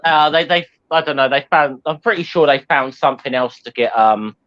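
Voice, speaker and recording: A man's voice: a little high, moderate pace, fairly bright tone, lo-fi sound. A man co-hosting a podcast in casual chat, stumbling and apologetic. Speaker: podcast co-host.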